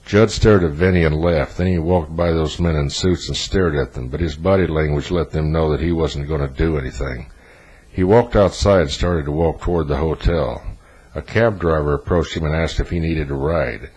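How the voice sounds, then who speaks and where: A man reading a novel aloud as narrator in a flat, even delivery. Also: extremely low pitch, moderate pace, slightly rough, poor audio. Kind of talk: audiobook narration.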